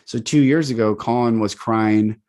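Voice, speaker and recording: Male guest, 30s, video call; lively storyteller, slightly low voice, laughs and acts out quotes. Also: moderate pace. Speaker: guest, healing coach. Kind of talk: casual conversation.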